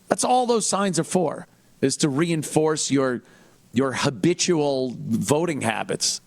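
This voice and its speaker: A man with a gravelly, rough-edged voice holds forth in a casual commentary monologue. He is blunt and crude, often mimicking others with scorn. The sound is dry and close, with no room echo. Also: on the high side. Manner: blunt, profane, mocking, with frequent restarts and mimicry of others. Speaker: podcast host.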